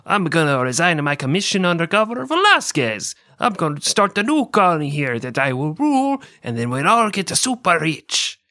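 A man voicing a greedy, scheming conquistador in a breezy, smug pitchman's manner. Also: sing-song, normal speed, few pauses, sharp tone, no room sound, clean studio sound, full character voice.

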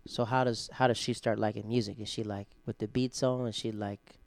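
A man's voice: lowish voice, brisk, creaky, no room sound. A man with a Southern American accent hosting a casual chat, telling stories and acting out quotes. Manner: animated storyteller, acts out quotes. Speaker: podcast host, comedian.

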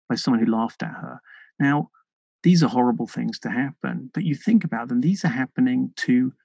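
A British man talking in a reflective interview, his voice gravelly with a touch of fry. He is earnest and thoughtful, stopping and restarting as he works through his ideas. The sound is close and dry, with no room around it. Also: medium pitch, a little mellow, dry recording, low-quality recording. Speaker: podcast guest.

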